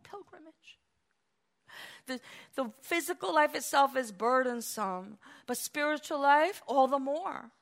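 A woman pastor preaching a sermon, animated, swinging from hushed, quiet stretches to loud exclamations. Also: high voice, unhurried, vocal fry.

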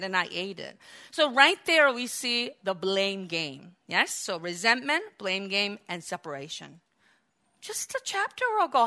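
A woman preaching a sermon, acting out the quoted biblical figures with lively, raised delivery. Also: normal speed. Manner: animated, acts out biblical quotes with raised pitch and volume.

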